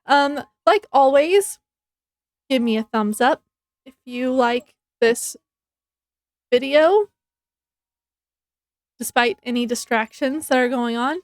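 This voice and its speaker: A woman talks through a book review at an unhurried pace, filling pauses with ums and restarting her sentences. Her voice sits a little high, and the recording is close and dry with no room sound. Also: no echo. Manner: chatty, rambling, many ums and restarts; laughs easily, acts out her reactions. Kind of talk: casual book review vlog.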